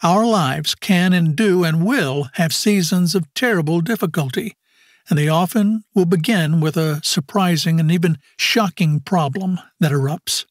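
A male program announcer giving a measured, scripted closing announcement. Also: a little high, no echo, clean studio sound.

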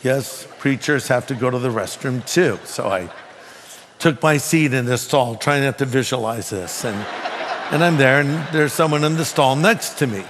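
A male pastor delivering a sermon, telling a story and acting out the dialogue with animated swings in his voice. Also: normal speed, in a large hall, a little hiss or hum. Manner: animated, acts out dialogue with rising pitch.

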